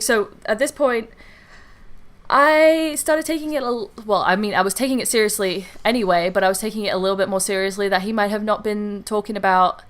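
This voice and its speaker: A woman's voice: mid-range voice, clean tone. A young woman telling a story in a casual, rambling way over her gameplay. She uses many fillers and asides. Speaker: YouTube game builder.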